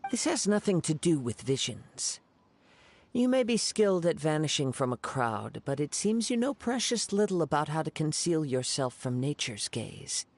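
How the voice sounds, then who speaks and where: An actor playing a calm, poetic young wandering swordsman in a video game, speaking in a composed, measured way. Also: a little high.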